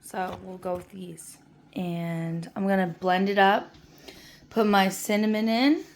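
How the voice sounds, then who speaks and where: A woman's voice: mid-range voice, fairly even intonation, takes it slowly, slight background noise. A woman vlogging from her home kitchen while baking, chatty and playful, laughing often. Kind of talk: casual kitchen vlog.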